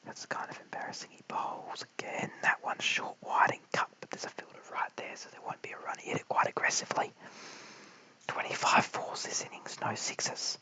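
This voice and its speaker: An Australian man giving whispered cricket commentary late at night at home, mic held very close, hushed and apologetic as he chats with viewers. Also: normal speed, no room sound, poor audio. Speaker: live stream cricket commentator. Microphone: held very close to the mouth.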